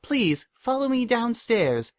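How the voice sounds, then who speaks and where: A man's voice: very high voice, big pitch swings, takes it slowly, no echo, studio quality, pitched above the performer's own voice, heavily acted. A man voicing a shy, polite young filly acolyte who chirps her words.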